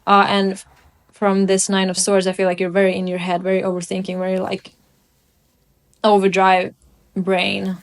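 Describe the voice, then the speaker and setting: A young woman reading tarot cards at home, talking slowly and musingly with many pauses. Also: mid-range voice, completely flat delivery. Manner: slow, musing delivery with frequent pauses. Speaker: tarot reader. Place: room at home by a window.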